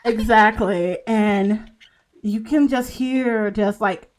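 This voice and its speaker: A woman narrating a tabletop game as game master, halting and full of fillers as she describes scenes. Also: mid-range voice. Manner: slow, halting narration with many fillers and restarts.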